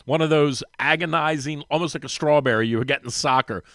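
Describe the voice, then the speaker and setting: A man, a regular guest on a sports radio show, telling a long animated story and acting out the voices of the people in it. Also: fairly quick, no room sound, studio quality. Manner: lively storyteller, acts out quoted voices with big pitch jumps. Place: radio studio. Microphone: studio microphone.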